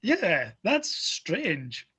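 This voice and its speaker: A man who teaches history speaks as a guest on a podcast. His speech is hesitant and full of "like" and "um". His voice is somewhat high for a man and has a husky edge. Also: huge pitch swings, drawn-out words, bright, forceful tone. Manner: filler-heavy, hesitant with "like" and "um". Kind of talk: casual interview conversation.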